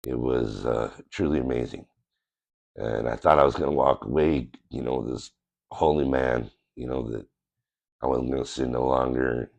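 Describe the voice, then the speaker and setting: A man's voice: very deep voice, fairly even intonation, moderate pace, creaky, darkish tone. A man with a nasal voice from a cold, telling his personal faith story to his channel in an earnest, plain-spoken, rambling way. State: recovering from a cold. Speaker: channel host. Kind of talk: casual personal testimony to camera.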